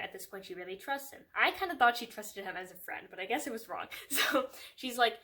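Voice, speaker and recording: A woman's voice: on the high side, lively intonation, brisk, pushed and bright. A young woman reviewing a book in a casual, sarcastic chat, with lots of "like" and frequent laughter. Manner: chatty and sarcastic, fills with "like", laughs often.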